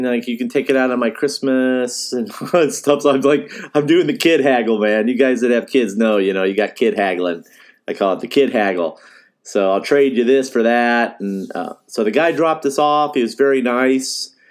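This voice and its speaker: A middle-aged man, a fishing guide, telling a personal story in a casual, rambling way, with restarts and laughs. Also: lowish voice. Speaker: fishing guide and podcast host.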